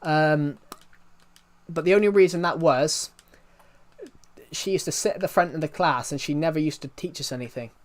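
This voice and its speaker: A man's voice: fairly high pitch, moderate pace. A young man chatting casually on a live game stream. He tells stories in a rambling way and pokes fun at himself. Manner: rambling, self-mocking storytelling.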